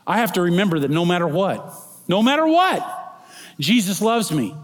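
A middle-aged male pastor preaching a sermon, moving between soft, slow passages and loud, emphatic proclaiming. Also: sits high, very animated. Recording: long hall reverb.

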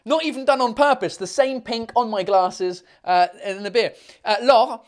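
A man's voice: extremely high pitch, moderate pace, dry recording, studio quality. A man hosting a casual live-stream chat show. He rambles in a cheeky way, swears freely and slips in and out of French. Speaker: comedian podcast host.

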